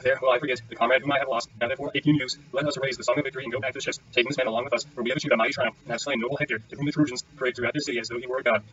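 A man's voice: medium pitch, steady tone, racing, hardly any pauses, a bit bright, recorded from a distance, highs cut off, lightly acted. A man reading wrathful warrior Achilles. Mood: vengeful.

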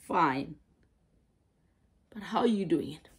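A woman preaching a sermon, halting and repeating words as she goes. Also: fairly low pitch, lively intonation, husky.

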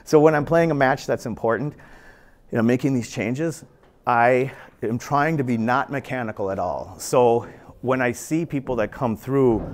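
Speaking at a normal speed in a mid-range voice, a pool instructor in his fifties walks a student through the game at a billiard club. It's easygoing yet earnest instruction, with repeated phrases as he shows his stroke.

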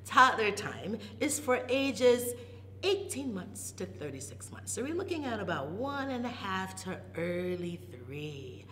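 A woman who is a children's librarian, leading a toddler storytime with rhymes and songs in a slow, animated, sing-song manner, with delighted gasps and soft whispers. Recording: long reverb, faint low rumble.

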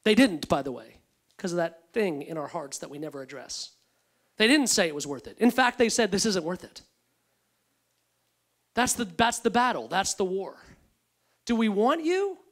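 A man giving a sermon as a guest preacher, in a conversational, repetitive style that drops soft for emphasis. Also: high voice, very animated, normal speed.

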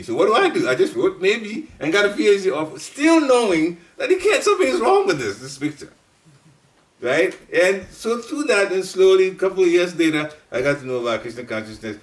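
A middle-aged man giving a devotional class talk in a storytelling way, laughing at times and jumping up in pitch. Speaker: speaker at a devotional study group. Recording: voice picked up from a distance.

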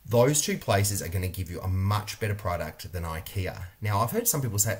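A man's voice: deep voice, animated, fairly quick, few pauses. A middle-aged man with an Australian accent, an interior designer giving blunt, emphatic opinions in a product review vlog. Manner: blunt, emphatic, repeats points for stress.

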